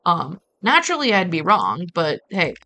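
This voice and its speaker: A woman's voice: on the low side, sing-song, moderate pace, pushed and bright. A woman from Brazil streaming a farming game, talking in a chatty, rambling way with casual swearing. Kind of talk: casual gaming stream commentary.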